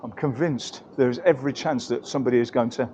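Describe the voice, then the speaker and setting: A man's voice: mid-range voice, steady tone, fast talker, warm tone, muffled recording, a little hiss or hum. An English man giving a chatty, rambling walking-tour commentary outdoors in busy market streets, correcting himself as he goes. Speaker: travel vlogger.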